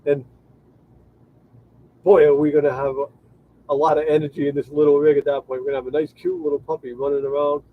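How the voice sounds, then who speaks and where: A travel livestream co-host chats casually, rambling and restarting his sentences as he thanks viewers. His voice is a little high and level, quick with long pauses, and the sound is tinny like a phone.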